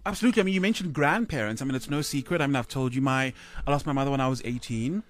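A man in his thirties with a South African accent, co-hosting a breakfast radio show, speaking haltingly with sighs, choked up and close to tears. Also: mid-range voice. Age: 30s. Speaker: radio co-host. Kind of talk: emotional radio chat.

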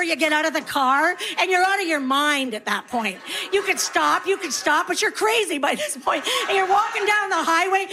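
A middle-aged woman doing stand-up, telling animated, exasperated stories about raising her kids and acting out both sides. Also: very high voice, normal speed, hardly any pauses. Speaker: stand-up comedian. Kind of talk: stand-up comedy storytelling.

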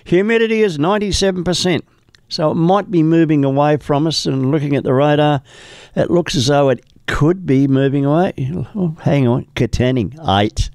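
A man's voice: fairly high pitch, moderate pace, darkish tone, no echo. An Australian man presenting on local radio in a casual, chatty way, reading the weather with muttered asides into a studio microphone.

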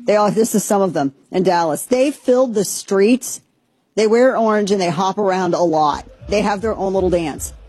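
A woman's voice: mid-range voice, normal speed, a little mellow, breathy edge, dry recording. A woman hosting a podcast, giving chatty, sarcastic, rambling commentary. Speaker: podcast host. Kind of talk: opinionated casual commentary.

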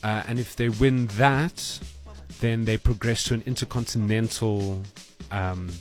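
A man's voice: on the low side, a little slow, soft background music. Man giving a sports update. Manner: steady explanatory delivery with fillers. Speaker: sports news presenter on a radio show. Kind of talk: casual radio banter and sports update. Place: radio studio.

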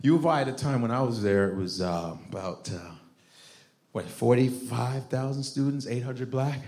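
A man's voice: mid-range voice, moderate pace, a little mellow, reverberant, slight background noise. A man from Chicago doing stand-up comedy, loose and crude, chatting with the crowd.

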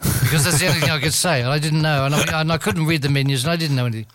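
A man's voice: a little high, fairly even intonation, very fast, a bit bright, no echo. Chuckling man telling a story. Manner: rambling, full of restarts, laughing often. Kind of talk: anecdotal storytelling.

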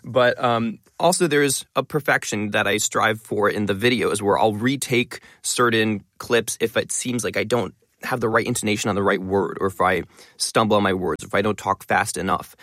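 A man being interviewed as a content creator, talking fast and stressing words as he explains. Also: lowish voice, a bit bright, no echo, clean studio sound. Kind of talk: interview conversation.

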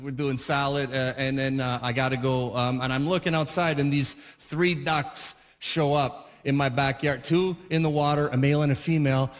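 Man, forties, stand-up comic, high voice, rambling delivery, reverberant hall. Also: a bit bright. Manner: rambling, self-interrupting storyteller. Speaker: stand-up comedian. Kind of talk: stand-up comedy.

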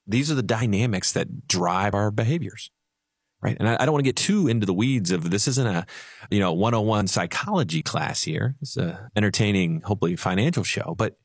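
Husky low-voiced man explaining money. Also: fairly quick, no echo, studio quality. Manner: animated storyteller, acts out little voices, laughs easily. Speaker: financial advisor and radio show host. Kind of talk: financial radio show chat.

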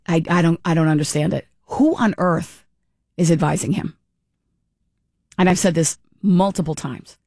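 A middle-aged woman hosting a talk show, giving animated, exasperated commentary with many restarts and mock quotes. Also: medium pitch, no echo, clean studio sound. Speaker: talk radio host. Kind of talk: opinionated casual commentary.

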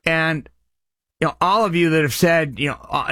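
Middle-aged radio guy doing a live charity pitch, high voice, stutters when he gets excited, bone dry studio sound. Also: normal speed, dry recording. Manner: excitable, names donors with loud bursts of enthusiasm. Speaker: radio host running a charity appeal. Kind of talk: live radio fundraising appeal.

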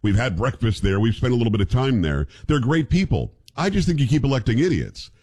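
An American man hosting a talk radio show, his pitch rising and falling in a lively way. He jokes and gives opinions in a casual chat, with a mostly neutral accent that keeps a trace of New York. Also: a little fast, husky. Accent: neutral American, hint of New York. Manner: animated, joking, opinionated.

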